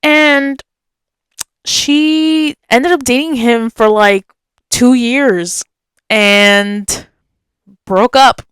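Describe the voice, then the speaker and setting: A young woman co-hosting a podcast speaks in a chatty, emphatic way as she tells her story. Her voice is clean and smooth. The sound is dry and close, with no room echo. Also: fairly high pitch, drawn-out words, pauses often, a bit bright. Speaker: podcast co-host. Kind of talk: casual storytelling.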